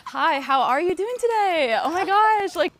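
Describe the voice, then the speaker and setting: A woman's voice: very high voice, expressive, measured pace, fairly bright tone. A woman from North Carolina speaking on a filmed panel, chatty and plain about her family. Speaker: guest on a panel video.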